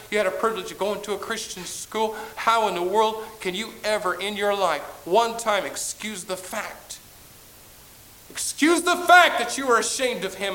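A man preaching a sermon as a pastor, telling a story and swinging from hushed tones to booming exclamations. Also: a little hiss or hum, poor audio.

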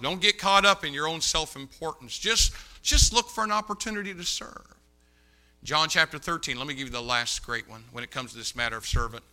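A male pastor preaching a sermon, telling stories with animated dialogue and repeating his key points for emphasis. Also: fairly high pitch. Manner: animated storyteller, acts out dialogue. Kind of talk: sermon with storytelling.

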